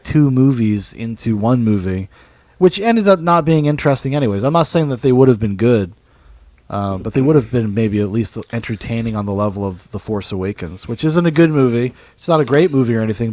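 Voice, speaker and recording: A man co-hosting a podcast, chatting casually about films in an animated way, swearing freely and laughing often. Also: medium pitch, fairly quick, no echo. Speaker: podcast co-host. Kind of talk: casual film discussion.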